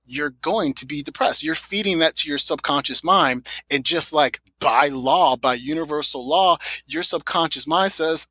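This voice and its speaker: A man's voice: a little high, normal speed, pushed and bright, no echo, poor audio. A man speaking as a podcast guest in a motivational interview, emphatic and repeating phrases for effect.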